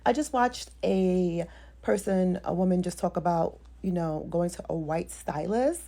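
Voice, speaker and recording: A woman's voice: on the low side, gravelly, mellow. A woman hairstylist giving her opinion in casual, rambling talking-head commentary. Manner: fast, talkative, rambling.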